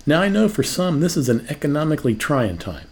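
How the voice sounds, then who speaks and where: Lively pastor preaching. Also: male voice, a little high, brisk. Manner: conversational, rhetorical questions. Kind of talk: sermon.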